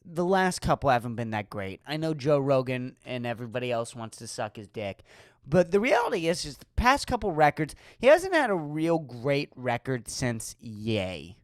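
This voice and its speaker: A woman's voice: extremely low pitch, sing-song, moderate pace, no room sound, clean studio sound. A woman hosting a solo podcast, ranting with profane, sarcastic rhetorical questions. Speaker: podcast host.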